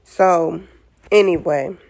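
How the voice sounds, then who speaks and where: A woman's voice: lowish voice, takes it slowly, vocal fry, darkish tone, a little hiss or hum. A woman talking candidly to her camera as a new mother, exhausted, with many "like"s and "you know"s. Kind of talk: casual talk to camera.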